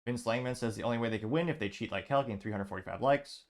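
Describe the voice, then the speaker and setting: A man's voice: mid-range voice, very fast. A man hosting a show, casually reading online comments aloud and adding dry asides. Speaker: show host.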